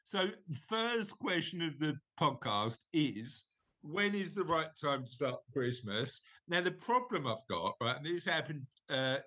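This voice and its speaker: A man hosting a casual podcast, his voice bright and forward. He rambles, restarts his sentences and keeps slipping in jokes. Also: medium pitch. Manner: rambling, self-correcting, jokey. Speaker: podcast host. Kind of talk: casual chat.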